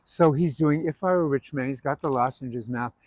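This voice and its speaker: A man's voice: mid-range voice, fast, darkish tone, dry recording. A man hosting a casual chat, sharing stories and acting out what others said. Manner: chatty, acts out quotes in his stories. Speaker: host.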